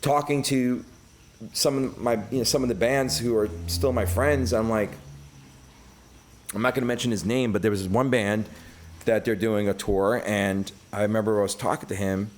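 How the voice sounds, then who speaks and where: Pausing often at a moderate pace, a middle-aged man with a lowish voice tells stories as a podcast guest. Originally from Brooklyn, New York, he keeps the chat casual and profane, animatedly voicing the people he quotes.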